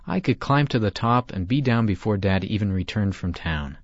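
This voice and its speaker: Man doing impulsive twelve-year-old boy, excitable, pleading, storybook reading, dull lo-fi audio. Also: fairly low pitch, moderate pace, dry recording. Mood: scheming. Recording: dull lo-fi dry recording.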